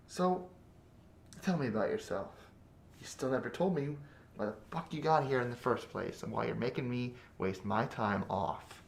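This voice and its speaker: A man acting as a crude, menacing bandit captor in a 3D audio role-play, swinging between close whispers and loud taunts. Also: mid-range voice, normal speed, gravelly, echoey room, a little hiss or hum, lightly acted.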